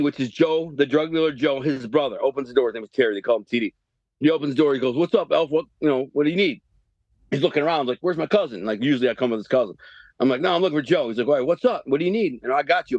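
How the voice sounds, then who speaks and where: A man in his fifties from the Detroit area, telling a story as a podcast guest in animated, profane street slang. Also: mid-range voice, no echo, lo-fi sound. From Detroit area, Michigan. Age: 50s. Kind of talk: storytelling interview.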